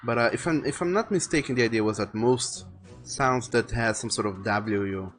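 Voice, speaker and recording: A man's voice: medium pitch, moderate pace, a bit bright. Rambling man streaming while drawing. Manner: rambling, thinks aloud, repeats words. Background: faint music playing.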